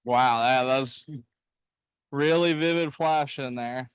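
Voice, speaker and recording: A man's voice: medium pitch, slow pace, smooth, no echo, low-quality recording. A man running a rock saw in an indoor workshop, explaining the equipment step by step in an easygoing way. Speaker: lapidary saw operator. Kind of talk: casual hands-on demonstration.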